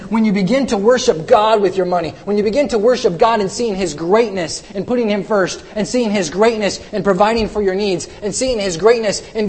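A man's voice: high-pitched, darkish tone, breathy edge. A man preaching a sermon, driving points home with repeated rhetorical questions and reading scripture aloud. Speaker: pastor.

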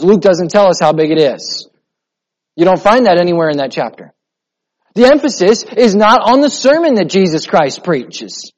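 A man, a pastor, preaching a sermon with emphatic repetition and a steady build toward his point. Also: high-pitched. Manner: emphatic preaching with repetition, drops to a soft voice in prayer. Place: church sanctuary. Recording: muffled sound in a reverberant hall.

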